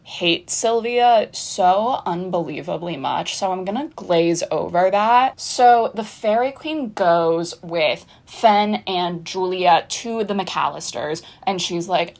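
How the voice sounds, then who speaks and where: A woman in her twenties recapping a TV season in a chatty, animated way with sarcastic asides. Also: lowish voice, slow, hardly any pauses. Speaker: pop culture vlogger. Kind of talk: casual TV recap.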